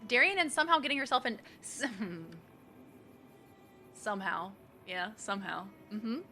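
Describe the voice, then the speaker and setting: Soft music plays in the background as a young Boston-accented streamer gives relaxed gameplay commentary, chatty and laughing at herself. She's from the Boston area, and her medium-pitched voice is very animated, bright and forceful, yet unhurried.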